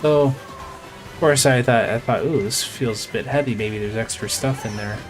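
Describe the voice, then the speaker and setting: A man streaming live and chatting with viewers as he tells a long, meandering story. His voice sits at an ordinary middle pitch, and he keeps stopping to restart his sentences. Faint music plays behind him. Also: moderate pace. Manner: rambling, with many fillers and restarts. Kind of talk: casual storytelling to stream chat.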